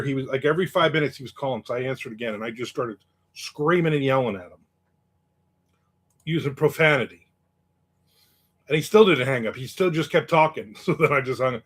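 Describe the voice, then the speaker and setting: A man hosting a casual live chat, telling stories in a wry, cynical way and reading out viewer comments. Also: medium pitch. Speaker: host.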